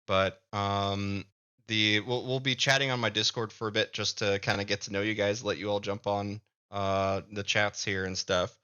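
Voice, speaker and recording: A man with a Midwestern accent rambles casually to his stream audience, often stalling and repeating words mid-thought. His voice sits somewhat low, with a bright, forceful edge. The sound is muffled and lo-fi. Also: level tone, smooth. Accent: Midwestern American. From American Midwest. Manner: halting, repeats words while thinking aloud. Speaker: live streamer and comic creator. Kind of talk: casual live-stream chat.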